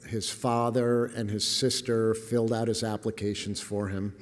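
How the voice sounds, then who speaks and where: A man's voice: on the low side, flat delivery, moderate pace, slight background noise. An older man giving a humorous storytelling lecture as guest speaker, wry and self-deprecating, chuckling at his own lines. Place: lecture hall. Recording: echoey lecture hall.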